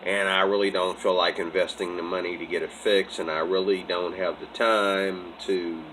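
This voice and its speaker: A man's voice: deep voice, flat delivery, normal speed, a bit bright, slight background noise, low-quality recording. A man vlogging in a casual preaching monologue, rambling, restarting phrases and breaking into laughter. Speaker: religious vlogger.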